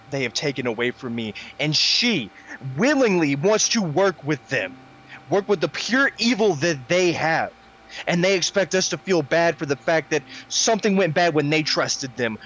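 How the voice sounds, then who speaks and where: A man playing a bitter, tortured young man who rants loudly and swears. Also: fairly high pitch, lo-fi sound, slight background noise, voice pushed up. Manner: loud, furious ranting with swearing.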